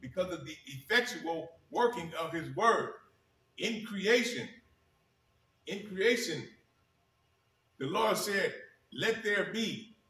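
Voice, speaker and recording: A male pastor delivers a sermon in a bright, forceful voice, pressing on key words and repeating them for weight. He slows down whenever he reads scripture aloud. The sound is roomy and echoey, picked up from some distance off the mic. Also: high-pitched, expressive.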